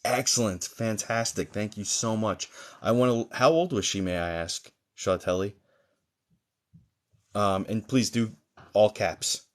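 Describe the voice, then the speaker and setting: A male psychic medium gives a live-streamed reading to viewers, his voice fairly low in pitch. He searches haltingly for words, with frequent pauses and fillers, while gently reassuring his audience.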